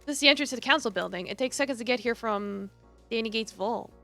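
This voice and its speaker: Bright-voiced woman streamer reading game lines. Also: a little high, quick pace, gravelly, faint music behind. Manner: reads game dialogue aloud with offhand asides and swearing. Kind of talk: casual gameplay commentary, reading dialogue aloud.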